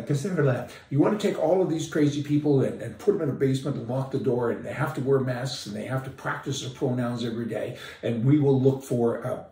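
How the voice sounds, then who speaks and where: A man's voice: mid-range voice, dark tone. A man giving an opinionated, folksy monologue as a commentator, sarcastic and emphatic. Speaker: political commentator. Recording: roomy, distant mic.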